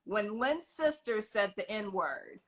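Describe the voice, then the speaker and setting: A woman's voice: medium pitch, lively intonation, slow, a bit bright. A woman hosting a casual live video chat interview, reading out trivia questions and laughing along. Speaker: interview host. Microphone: phone or laptop on a live video call.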